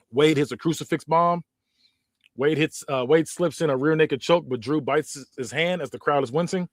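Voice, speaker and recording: A man hosting a podcast narrates a story in a hurried, casual way, often restarting and correcting himself. His voice is slightly high, and the recording is close and dry. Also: no echo. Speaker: podcast host.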